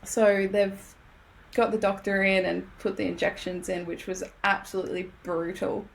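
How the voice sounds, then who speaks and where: With a medium pitch, moderate pace and some vocal fry, a young Australian podcast guest animatedly shares a story, laughing as she reenacts what people said. A faint hiss or hum sits in the recording.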